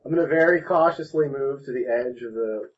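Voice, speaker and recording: A man playing a tabletop game, speaking slowly and deliberately. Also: medium pitch. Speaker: player. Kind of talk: casual game chat. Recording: dull lo-fi recording.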